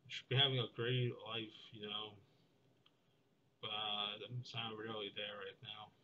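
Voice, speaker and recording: A young man talking in a meandering, deadpan vlog monologue, full of fillers and restarts. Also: on the low side, a little slow, highs cut off, slight background noise. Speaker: vlogger. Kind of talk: rambling monologue.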